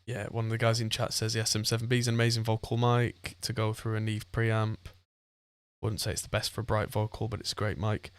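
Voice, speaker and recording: A man's voice: fairly low pitch, completely flat delivery, fairly quick, smooth. A man hosting a podcast, chatting casually and rambling with frequent laughs. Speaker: podcast host. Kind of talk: casual chat.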